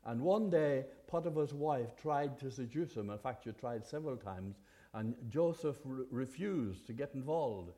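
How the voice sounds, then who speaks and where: Man preaching with a warm, mellow voice. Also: mid-range voice, animated, normal speed. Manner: earnest, conversational, with hesitant restarts. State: occasional cough. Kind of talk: sermon.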